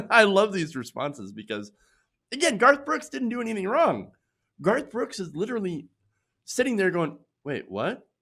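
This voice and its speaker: Male political commentator from Michigan, lively pitch, sarcastic and laughing. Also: moderate pace. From Michigan, USA.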